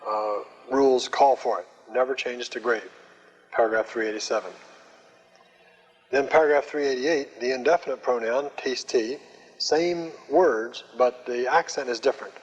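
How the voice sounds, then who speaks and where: An older man teaching a Greek class, speaking slowly and methodically with frequent pauses and fillers. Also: mid-range voice. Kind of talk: classroom lecture. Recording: muffled old lecture recording with long hall reverb.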